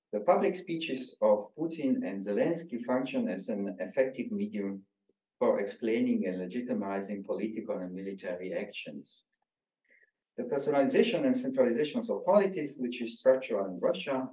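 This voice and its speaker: A man giving an academic lecture in measured, formal phrasing. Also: on the low side, dark tone. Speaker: guest lecturer, professor. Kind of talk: academic lecture, read from text. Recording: roomy lecture hall, distant mic.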